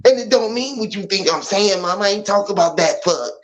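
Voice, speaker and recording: A man's voice: sits high, animated, quick pace. A man hosting a casual livestream chat, telling profane stories animatedly and laughing often. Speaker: livestream host. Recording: dull lo-fi stream audio.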